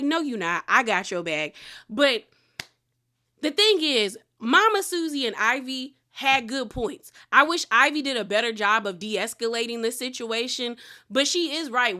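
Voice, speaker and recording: A woman recapping a reality show in casual, animated commentary, acting out the quotes. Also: on the high side.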